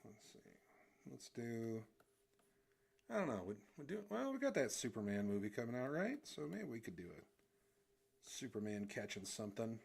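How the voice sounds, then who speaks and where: Gravelly, animated man, casual goofy streamer talk. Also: medium pitch, normal speed, pauses often, slight background noise. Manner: goofy, rambling, hums while drawing. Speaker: streamer and artist. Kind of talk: casual live drawing stream. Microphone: desk microphone.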